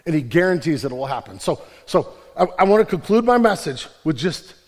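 A man's voice: fairly high pitch, big pitch swings, fairly quick. A man preaching a sermon as pastor, casual and joking, then building to emphatic declarations. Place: large church hall. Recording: reverberant church hall.

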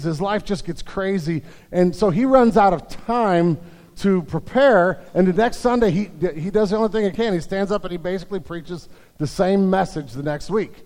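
A man with a high voice preaches to his congregation, telling a story with humor and many restarts. His voice carries a long reverb from the church sanctuary. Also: darkish tone. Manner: storytelling with jokes, frequent restarts. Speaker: pastor. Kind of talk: sermon.

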